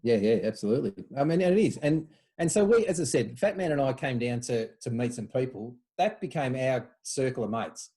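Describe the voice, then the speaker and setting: A man's voice: mid-range voice, brisk, few pauses. An Australian man telling old club stories in casual chat, acting out what people said in a raised voice. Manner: animated storyteller, acts out quotes in a raised voice. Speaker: podcast guest, former club footballer.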